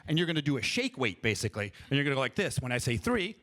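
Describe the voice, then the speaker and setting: A man leading a live improv workshop for an audience on a conference stage, talking in an energetic, playful way and coaxing the crowd to join in. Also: mid-range voice, rapid-fire. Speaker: improv performer and workshop leader. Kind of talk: live freestyle rap and workshop talk to an audience. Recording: live event with audience noise.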